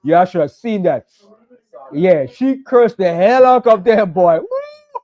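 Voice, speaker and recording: A man with a high-pitched voice preaches a sabbath sermon. He talks in a fiery, conversational way and hammers his points home by repeating them. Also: animated, a little slow, warm tone. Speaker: pastor.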